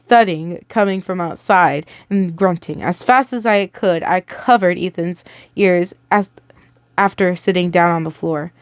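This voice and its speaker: A woman's voice: mid-range voice, no echo. A young woman reading a listener story aloud in a casual way, stumbling over words and stopping to react.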